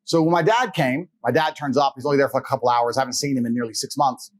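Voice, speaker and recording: Brief: male guest, rapid and husky, swears freely, lively storyteller. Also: mid-range voice. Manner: animated, profane, fast storyteller. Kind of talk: casual storytelling.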